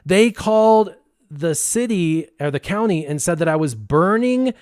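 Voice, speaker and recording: A man casually telling a funny story, lively and laughing as he acts out the voices of the people in it. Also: sits high, measured pace, no echo, clean studio sound. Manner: animated, laughing, acts out quotes. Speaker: guest storyteller.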